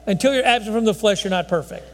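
A man's voice: high-pitched, fast. A man preaching a conversational sermon in a folksy, rambling way, often restarting his sentences. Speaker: pastor. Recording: long hall reverb.

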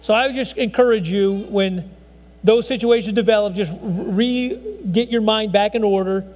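High-voiced preacher in an echoing hall. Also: male voice, normal speed, darkish tone. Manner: rambling, folksy, frequent restarts. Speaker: pastor. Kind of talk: conversational sermon. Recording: long hall reverb.

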